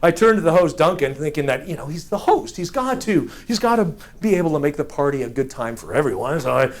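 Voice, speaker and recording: A man telling a personal childhood story in an animated, self-mocking way, often laughing as he talks. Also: fairly high pitch, fast talker.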